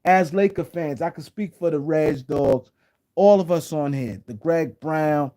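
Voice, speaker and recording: A man streams casual sports talk, his voice a touch high but warm and mellow. He rambles and circles back to his points again and again. Now and then he breaks off to speak to viewers in the chat. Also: unhurried. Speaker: sports talk show host. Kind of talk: casual live-stream commentary.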